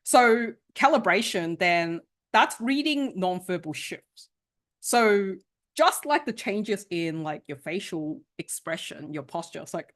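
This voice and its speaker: Woman workshop coach, very expressive pitch, chatty, keeps asking "right?", over a video call. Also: a little slow. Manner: animated, conversational, often asks "right?" and laughs. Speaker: sales and communication coach. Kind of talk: interactive online workshop teaching.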